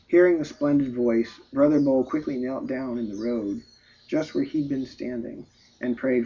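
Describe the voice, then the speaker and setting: Man reading a storybook aloud, emotive and sighing, husky voice, dull lo-fi recording. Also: mid-range voice, moderate pace, mellow. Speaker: story reader. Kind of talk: storybook narration.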